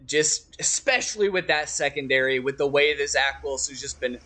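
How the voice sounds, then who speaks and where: A man's voice: fairly high pitch, normal speed, sharp tone. A young man co-hosting a casual sports chat, teasing and swearing freely as he makes his picks. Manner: profane, wry and teasing. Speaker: podcast co-host making picks.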